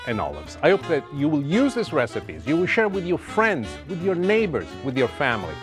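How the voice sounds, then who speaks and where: Animated Italian-accented chef over music. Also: male voice, medium pitch. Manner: playful, theatrical, self-mocking. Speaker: TV chef host. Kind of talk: cooking demonstration. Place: TV kitchen set. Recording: music playing under the voice.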